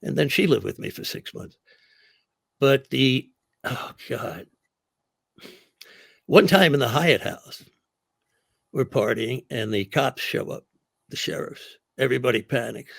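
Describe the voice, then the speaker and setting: Older guy w a gravelly voice spinning crazy road stories, dry close sound. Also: medium pitch, a little slow, pauses often, no echo. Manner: animated anecdotes, acts out quotes. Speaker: comedian guest. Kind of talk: storytelling in a casual interview.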